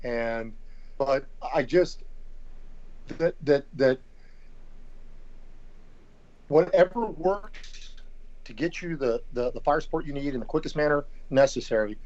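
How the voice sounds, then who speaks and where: A middle-aged man, a guest on a podcast, explaining things deliberately and repeating words as he thinks. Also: mid-range voice, lively intonation, darkish tone. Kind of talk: casual conversation. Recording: slightly dull lo-fi audio.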